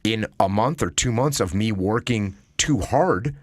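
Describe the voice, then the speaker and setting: Low-voiced man, dry close sound. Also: animated, unhurried, no room sound. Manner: emphatic, acts out example dialogues. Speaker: podcast guest. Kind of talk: casual conversation.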